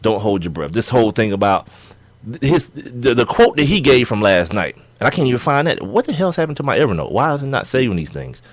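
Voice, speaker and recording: A young man co-hosting a sports podcast in casual chat, animated and laughing as he argues his points. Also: mid-range voice, brisk, no echo. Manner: animated, laughing, acts out players' quotes.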